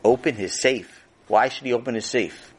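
An eager, cheeky young boy from a storybook tale, played by a man. He rushes his words and trips over them in excitement. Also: medium pitch, slightly rough, voice pushed down, natural voice.

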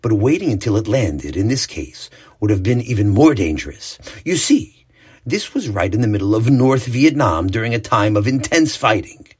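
A man voicing a cheerful older male war veteran, telling his stories in a warm, earnest way. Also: on the low side, big pitch swings, normal speed, husky. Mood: explaining.

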